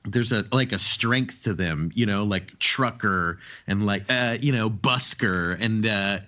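A man's voice: on the low side, measured pace, sharp tone, highs cut off. A man, a musician guest in a casual interview, talking hesitantly with many fillers.

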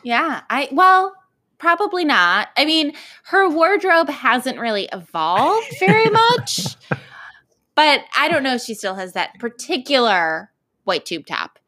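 A woman's voice: sits high, sing-song, a little slow, bright, forceful tone. A woman co-hosting a podcast in casual, chatty talk, laughing easily. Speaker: podcast co-host. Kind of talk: casual chat.

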